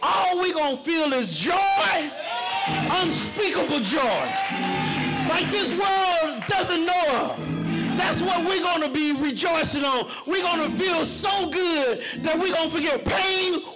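A middle-aged man preaching a sermon in church, shouting for emphasis and telling humorous stories about his own life. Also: very high voice, takes it slowly, over loud music.

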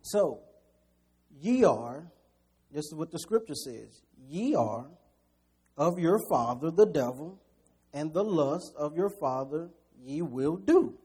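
A man preaching a sermon. He moves between quiet scripture reading and loud, quick preaching, with chuckles as he addresses the congregation. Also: on the high side, lively intonation, breathy edge. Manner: chuckles between points and talks straight to the congregation.

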